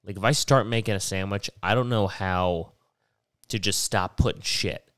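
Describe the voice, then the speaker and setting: A man's voice: fairly low pitch, steady tone, normal speed, fairly bright tone, dry recording, studio quality. A young man hosting a podcast while sick with a stuffy, nasal voice, rambling casually and swearing often. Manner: rambling, profane, digressive. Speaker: podcast host.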